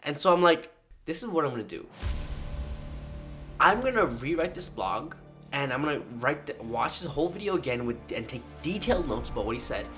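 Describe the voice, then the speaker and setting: A man telling a personal freelancing story in a casual, animated vlog style, slangy and dramatic in the retelling. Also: fairly high pitch, a little fast, soft background music. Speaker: freelance marketing creator.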